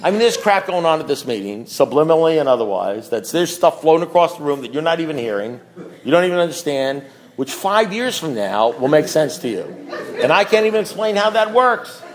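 Sarcastic, animated man telling a story. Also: fairly high pitch, a little fast. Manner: sarcastic, animated, mock-outraged. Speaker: speaker sharing at a recovery meeting. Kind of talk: storytelling talk to a group.

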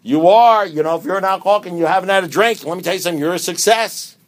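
A man giving a speaker talk at a recovery meeting, emphatic and preacher-like, with many rhetorical questions and swings between loud and hushed delivery. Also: sits high, racing.

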